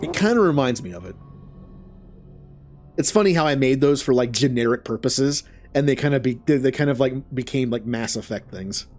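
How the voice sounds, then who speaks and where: A man's voice: mid-range voice, lively intonation, normal speed, a little mellow, faint music behind. A man casually chatting while streaming a video game, rambling and laughing often. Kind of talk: casual chat over gameplay.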